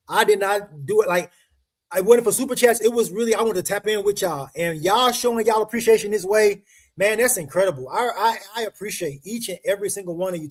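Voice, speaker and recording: A man hosting a casual crypto livestream, talking to viewers in slangy, emphatic chat and repeating words for stress. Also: high-pitched. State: emotional, choked up.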